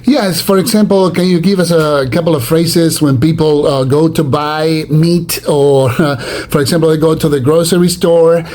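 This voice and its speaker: A man with an Argentine Spanish accent, a native Spanish speaker, chatting with halting speech, fillers and restarts. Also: a little high, steady tone, a little mellow. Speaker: host. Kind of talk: casual chat.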